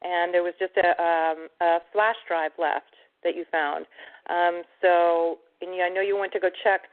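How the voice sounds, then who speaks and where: A woman hosting a call-in podcast, retelling events in a halting way with many fillers. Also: fairly low pitch, fairly even intonation. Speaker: podcast host. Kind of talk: phone-in podcast conversation. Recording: tinny phone line.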